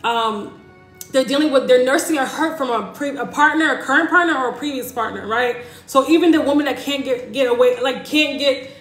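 A woman's voice: high voice, a little fast, fairly bright tone, faint music behind. A woman hosting a live stream, chatting casually and reassuringly while she reads out and answers viewers' comments. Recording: echoey room.

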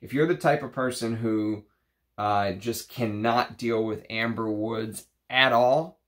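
A man's voice: fairly low pitch, fairly even intonation, slow pace, a bit bright. A man casually reviewing perfumes from his collection, gushing enthusiastically with restarts and fillers.

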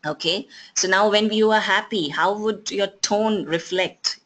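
A communication skills trainer with an Indian English accent, lecturing at an even pace and often pausing on fillers and restarts. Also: mid-range voice, a little hiss or hum, poor audio. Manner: explanatory, with frequent fillers and restarts.

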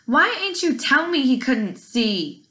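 A nervous, curious young boy who asks hard questions, as a woman teacher reads him aloud. The voice stays bright and only lightly changed from her own. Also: fairly high pitch, very animated, measured pace, pitched above the performer's own voice, heavily acted. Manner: hesitant, asking.

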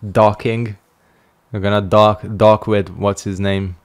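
A man's voice: fairly low pitch, level tone, slow pace. Sleepy, wry male game streamer. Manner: wry, joking asides while playing. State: sleepy, yawning. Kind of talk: casual gameplay commentary.

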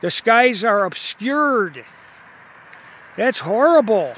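High-voiced, slow-talking insistent man. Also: big pitch swings, fairly bright tone. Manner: insistent, repeats himself, stammers on restarts. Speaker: video blogger. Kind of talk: filming outdoors, talking to viewers. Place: outdoors at night by a road. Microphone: phone camera held while filming.

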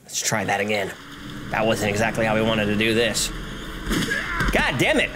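A man giving casual, profane let's-play commentary, excitable and laughing. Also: fairly low pitch, fairly quick. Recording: noisy home recording.

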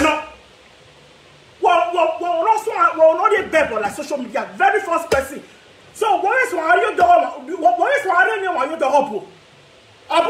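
Very high-pitched Nigerian woman ranting. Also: reverberant. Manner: animated, laughing often, mixing pidgin and local language. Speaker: social media vlogger. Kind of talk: casual rant to camera.

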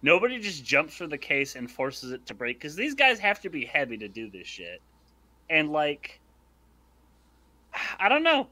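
A man's voice: a little high, wildly swooping pitch, moderate pace, pauses often, bright, forceful tone. A man co-hosting a casual podcast, talking hesitantly with many fillers. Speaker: podcast co-host. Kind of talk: casual chat.

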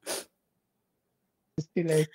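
A woman's voice: very slow, mellow, dry recording, poor audio. A woman player in a tabletop game, hesitant and self-correcting as she thinks aloud.

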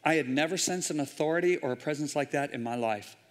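A man preaching a sermon, telling a story with intense drama and sudden loud bursts. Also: fairly high pitch, fast talker. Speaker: guest preacher. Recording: hall reverb in a large church.

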